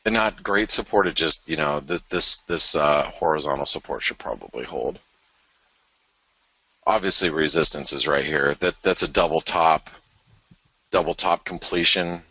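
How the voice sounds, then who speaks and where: A man's voice: extremely low pitch, moderate pace, bright, forceful tone, husky, no echo. A man hosting a live market show, casually talking through charts as he thinks aloud, with self-deprecating asides. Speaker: forex market commentator, show host.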